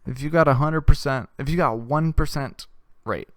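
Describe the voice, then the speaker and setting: A man hosting a comedy show, telling a crude, rambling story with deadpan delivery. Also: fairly high pitch, normal speed, no room sound, studio quality.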